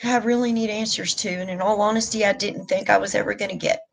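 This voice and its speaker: A woman's voice: mid-range voice, fairly even intonation, fast talker, creaky, a little hiss or hum, poor audio. A middle-aged woman, talking openly and emotionally in a rambling live stream chat. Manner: candid, emotional, rambling with restarts. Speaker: vlogger.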